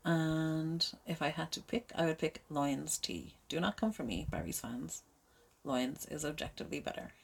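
A woman chatting casually through a listener Q&A. Her voice sits low with a gravelly fry. She is chatty and self-deprecating and laughs easily. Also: expressive, moderate pace. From Ireland. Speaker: amateur audio creator answering listener questions. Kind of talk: casual Q&A chat.

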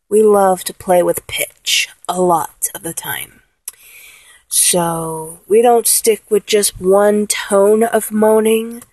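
Woman instructor, breathy and unhurried, coaches patiently step by step. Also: fairly low pitch, darkish tone, no room sound, low-quality recording. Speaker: vocal instructor. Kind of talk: instructional talk.

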